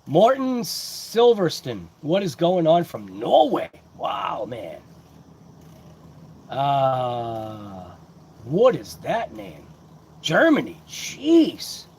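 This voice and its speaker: A man's voice: a little high, huge pitch swings, drawn-out words, a little mellow, slight background noise. A man hosting a casual livestream who rambles along and greets chat viewers by name. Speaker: host of a hobby livestream. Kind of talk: casual live-chat unboxing.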